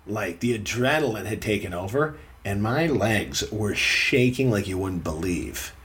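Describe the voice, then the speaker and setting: Husky, animated young man telling a story. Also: on the low side, unhurried. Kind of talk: casual storytelling chat.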